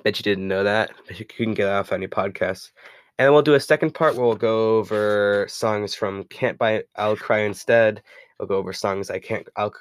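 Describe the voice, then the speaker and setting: A man hosts his own podcast in a loose, rambling way, often stopping to correct himself and chuckle. His voice sits fairly low, and the recording is dry and close with no room sound. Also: moderate pace, clear, resonant tone, no room sound. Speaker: podcast host. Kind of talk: casual podcast talk.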